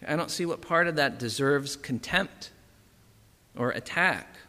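A man's voice: on the high side, a little slow, bright, forceful tone. A man preaching a sermon in a conversational way, often checking in with "right?" and "okay". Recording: long hall reverb.

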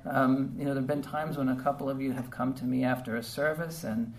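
A man preaching a heartfelt, conversational sermon to his congregation, pausing often with fillers. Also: mid-range voice, fairly even intonation. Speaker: pastor. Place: church service. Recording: distant mic with faint background noise.

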